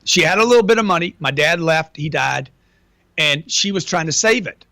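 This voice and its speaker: A middle-aged man talks in a brash, casual rush, full of slang and swearing, with man and dude in nearly every line. His voice sits a little high. The sound is dry and close. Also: lively intonation, moderate pace, vocal fry, pushed and bright, no echo. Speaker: interview guest. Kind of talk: casual interview talk.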